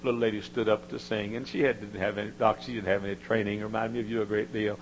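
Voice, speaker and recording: An older man preaching a sermon, telling folksy stories and climbing into high, emotional quoted voices. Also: flat delivery, quick pace, a little hiss or hum, poor audio.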